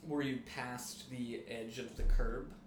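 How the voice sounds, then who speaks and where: A man's voice: medium pitch, fairly even intonation, takes it slowly, reverberant, background noise. A man co-hosting a podcast, chatting casually with dry, teasing remarks. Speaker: podcast co-host. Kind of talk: casual chat.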